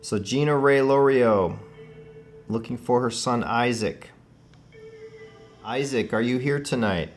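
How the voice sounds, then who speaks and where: A man hosting a paranormal spirit-box session, earnestly and gently calling out names and passing on messages. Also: mid-range voice, takes it slowly, pauses often, over music.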